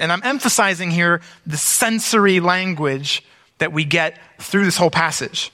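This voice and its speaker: As pastor, a man preaches an Easter sermon, reading scripture aloud and interjecting relaxed, conversational comments. His voice is high-pitched at a moderate pace, with a long reverb tail.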